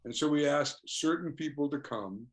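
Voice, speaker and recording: A man's voice: fairly high pitch, moderate pace. An older man, a musician guest in a casual interview, telling stories with frequent chuckles and "you know" fillers.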